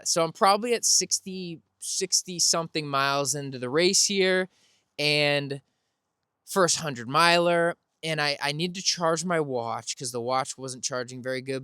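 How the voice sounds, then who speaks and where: A man with a slightly high, smooth and resonant voice tells a casual story as a podcast host. He rambles, corrects himself mid-sentence and laughs now and then. The sound is dry and close, with no room around it. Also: sharp tone, no room sound. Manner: rambling, self-correcting, laughs while telling.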